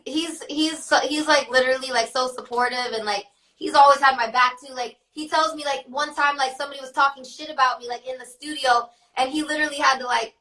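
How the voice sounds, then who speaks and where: A woman's voice: high-pitched, bright, forceful tone, recorded from a distance, rough recording. A young woman talking casually as an interview guest, chatty and full of "like" fillers, often laughing. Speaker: guest, rapper.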